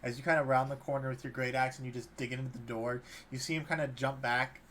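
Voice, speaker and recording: A man narrating as dungeon master in a relaxed, hesitant way with many fillers. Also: mid-range voice, fast talker, slight background noise. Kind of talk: narrating a tabletop game.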